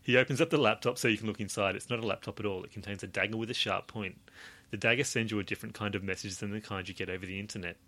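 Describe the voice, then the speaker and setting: Casual gamebook reading by a chuckling man, bright crisp voice. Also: on the low side, steady tone, very fast. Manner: playful, chuckling. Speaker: reader running the game book. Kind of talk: reading a gamebook aloud to friends.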